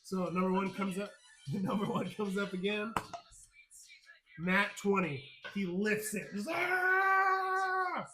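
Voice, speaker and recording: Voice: medium pitch, steady tone, a little slow, pauses often, background noise. A game master narrating a tabletop game on a live stream, laughing often and telling the story with energy.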